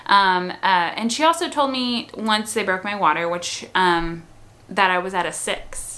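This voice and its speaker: A woman's voice: mid-range voice, a little slow, sharp tone. A woman casually telling her own birth story to viewers, with a chatty, rambling delivery full of "um" and "like.". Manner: chatty, with frequent "um" and "like".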